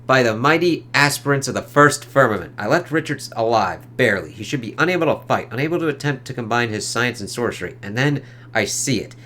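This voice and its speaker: A man's voice: medium pitch, expressive, a little fast, sharp tone. A man voicing an arrogant male armored tyrant sorcerer, reading his lines aloud in a haughty, declaiming tone. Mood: astonished.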